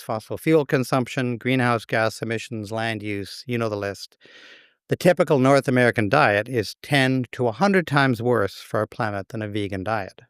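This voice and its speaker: A man's voice: medium pitch, dry recording. A man preaching a sermon as pastor, conversational with dry, wry humor.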